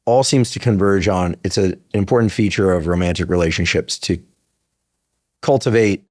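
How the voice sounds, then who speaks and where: A man in his fifties with a fairly low voice interviews a guest in loose, rambling sentences. He restarts often and drops blunt opinions along the way. The sound is dry and close. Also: moderate pace, a little mellow, no room sound. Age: 50s. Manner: talkative, thinks aloud with restarts, blunt opinions. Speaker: podcast host. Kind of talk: casual interview.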